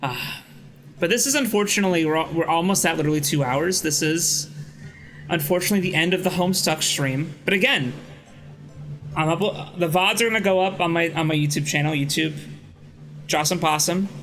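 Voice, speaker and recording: A man's voice: fairly high pitch, brisk, fairly bright tone, rough recording. Rambling young man streamer. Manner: rambling storyteller with restarts and swearing. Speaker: streamer host. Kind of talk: casual stream chat. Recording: music playing faintly behind.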